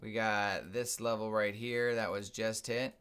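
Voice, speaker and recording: A man's voice: on the low side, steady tone, a little slow, fairly bright tone, clean tone. A man hosting a live trading stream, casually thinking aloud and explaining his moves as he watches the charts.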